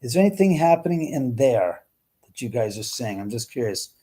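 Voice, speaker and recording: Mellow, husky-voiced man hosting a livestream. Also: mid-range voice, big pitch swings, fairly quick. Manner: chatty and exclamatory, swears casually. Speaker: livestream host. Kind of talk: casual live-stream chat, answering viewers. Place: at home.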